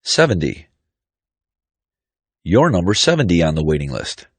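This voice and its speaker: A man reading pronunciation drills slowly and deliberately, with each word clearly articulated. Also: deep voice, very animated, no echo. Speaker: pronunciation teacher. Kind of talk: slow scripted drill reading.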